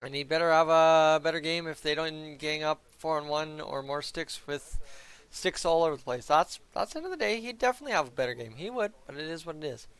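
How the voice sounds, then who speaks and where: A man's voice: fairly high pitch, brisk, fairly bright tone, clean tone. A man live-streaming as a hockey fan, chatting casually to his viewers in a rambling way and stumbling over names, on a headset mic. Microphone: headset mic he flips up to mute.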